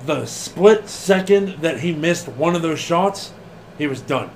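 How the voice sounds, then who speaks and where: Animated man in casual wrestling chat. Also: a little high, slow pace, slight background noise. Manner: animated, laughing, swearing, acts out quotes. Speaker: podcast co-host.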